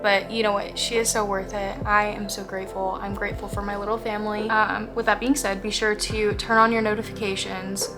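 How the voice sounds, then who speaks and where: A woman's voice: medium pitch, little pitch movement, brisk, few pauses. Emotional young woman vlogger over music. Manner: heartfelt, emotional, earnest. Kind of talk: personal vlog storytelling. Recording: music playing behind the voice.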